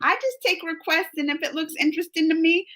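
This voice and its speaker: A woman's voice: very high-pitched, lively intonation, a little fast, bright, forceful tone. A married woman hosting a reaction stream, chatting to her viewers, emotional and teary, laughing between worries. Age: adult, married with family. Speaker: reaction channel host reading live chat. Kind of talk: casual emotional chat with viewers.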